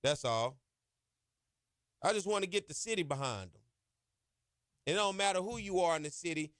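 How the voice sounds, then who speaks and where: A high-voiced man hosts a sports podcast, animated and fairly bright-toned, talking at normal speed. His impassioned monologue is emphatic and colloquial, heavy on "y'all" and "ain't," and the clean studio recording has no room sound.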